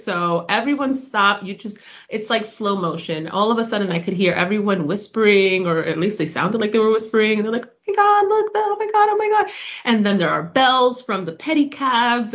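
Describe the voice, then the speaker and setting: Woman guest telling a story with feeling. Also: medium pitch. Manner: animated, emotional retelling with laughs. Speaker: interview guest. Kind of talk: casual storytelling.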